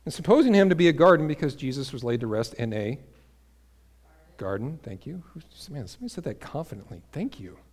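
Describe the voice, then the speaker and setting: A man preaching a sermon to a congregation, building to emphatic peaks and dropping to quiet asides, asking the listeners questions. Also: medium pitch, fairly quick. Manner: energetic, rises to emphatic peaks then drops to quiet asides. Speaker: pastor.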